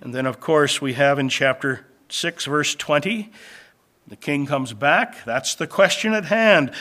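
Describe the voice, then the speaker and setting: A man preaching a sermon that teaches through scripture, swinging between loud, emphatic lines and quiet, low asides, and slowing down to stress key phrases. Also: animated.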